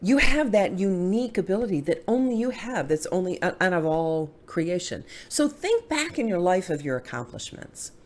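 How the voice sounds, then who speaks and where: A woman's voice: fairly low pitch, normal speed, few pauses. A middle-aged woman hosting a live video chat, answering viewer comments as she talks. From Dallas area, US. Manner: animated, reading viewer comments aloud. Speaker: host.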